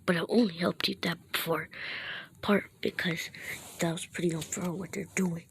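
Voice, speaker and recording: A woman's voice: lowish voice, fairly even intonation, moderate pace, creaky, slight background noise. A woman voicing a scornful fox spirit in whispered role-play, cold and contemptuous.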